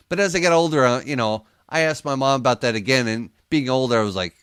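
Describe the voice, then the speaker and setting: A man telling a story casually as a guest on a radio interview, animated and laughing often as he acts out what people said. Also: medium pitch, fast talker, few pauses, smooth, no room sound, clean studio sound. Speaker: paranormal investigator guest.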